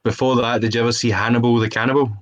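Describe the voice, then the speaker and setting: A man's voice: mid-range voice, little pitch movement, rapid-fire, highs cut off, crowd noise. A man explaining things in easygoing casual podcast chat. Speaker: podcast co-host.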